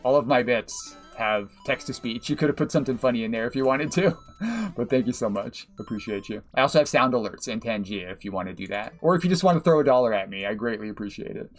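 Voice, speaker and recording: A man's voice: medium pitch, fast talker, faint music behind. A man streaming a platform game live, talking casually, cursing at his mistakes, laughing, and thanking viewers by name. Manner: chatty, swears, laughs often, thanks viewers. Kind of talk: live gameplay commentary.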